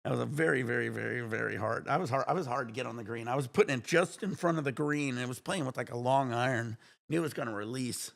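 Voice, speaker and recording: A man chatting on his own livestream, excitable and swearing freely, with breathless exclamations between his remarks. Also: mid-range voice, quick pace, vocal fry. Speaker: livestream gamer. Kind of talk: excited casual livestream chat.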